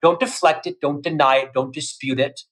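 Loud, emphatic middle-aged man. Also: on the high side, steady tone, normal speed, poor audio. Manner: loud, emphatic, listing in bursts. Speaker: podcast guest, author. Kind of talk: energetic interview talk.

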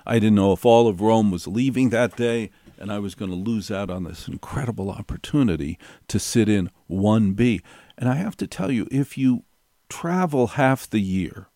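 A man's voice: fairly low pitch, normal speed, mellow, no room sound. A middle-aged man telling a personal anecdote in a wry, digressive way, circling back and repeating key phrases for effect. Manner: wry, digressive, building stories with repetition. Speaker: storyteller.

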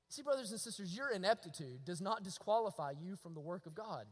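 A man's voice: high voice, animated, a little fast, few pauses, long reverb tail. A man preaching a sermon in a church, impassioned and repeating lines for emphasis. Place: church sanctuary.

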